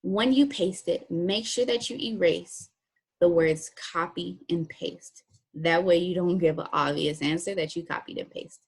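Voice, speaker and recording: Husky-voiced woman teacher giving instructions. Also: fairly low pitch, a little slow. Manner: step-by-step instructive, plain and practical. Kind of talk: recorded classroom lesson walkthrough.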